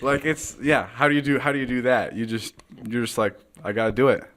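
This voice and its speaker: A man hosting a podcast in casual chat, animated, laughing often and swearing casually. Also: mid-range voice, brisk. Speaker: podcast host.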